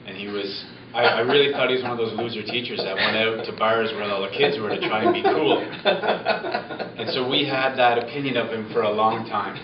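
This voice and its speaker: A man's voice: lowish voice, normal speed, over a noisy crowd. A man, once a student and now on staff, telling a dry, teasing story in a farewell tribute. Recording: echoey, distant, dull lo-fi with noise.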